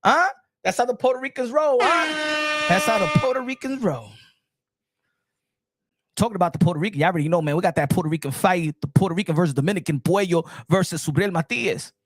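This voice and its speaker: A man hosting a boxing livestream, excitable and repetitive, dropping in Spanish phrases. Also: sits high, a little fast, dry recording, studio quality. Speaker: boxing show host.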